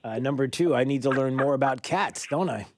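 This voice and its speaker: A man from New York hosting a call-in radio talk show, chatty and rambling with quick asides. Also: medium pitch, no echo, studio quality.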